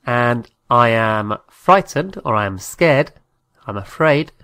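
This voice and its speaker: A man's voice: medium pitch, expressive, slow, bright, forceful tone, clean tone, no room sound. A man giving a patient language lesson, spelling out words letter by letter. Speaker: Spanish teacher.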